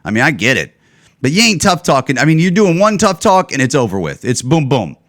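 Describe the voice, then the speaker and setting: A man hosting his own podcast, ranting casually and sarcastically with plenty of swearing and loud, higher outbursts when he gets worked up. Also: sing-song, fairly quick. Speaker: podcast host. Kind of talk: casual solo podcast rant.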